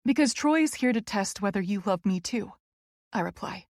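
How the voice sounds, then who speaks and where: Woman reading a romance audiobook, earnest and emotional, mid-pitched voice, dry close mic. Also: animated, moderate pace, a little mellow, dry recording. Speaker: audiobook narrator. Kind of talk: first-person romance audiobook narration.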